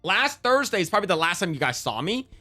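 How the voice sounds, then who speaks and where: Male streamer, young, casual livestream chat, rambling, profane, slightly high voice. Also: sing-song, fast, bright, forceful tone, faint music behind.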